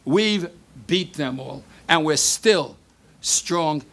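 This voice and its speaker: An older man giving a sermon, telling a story with Hebrew phrases mixed in, moving between hushed and emphatic delivery. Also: a little high, expressive, drawn-out words. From United States. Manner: mixes Hebrew phrases into English.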